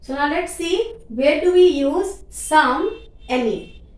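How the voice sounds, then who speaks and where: Lady explaining grammar, bouncy high voice, sounds roomy and off-mic. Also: lively intonation, takes it slowly, recorded from a distance. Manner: repeats key words, checks in with "okay?". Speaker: English grammar teacher. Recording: echoey room, voice off-mic.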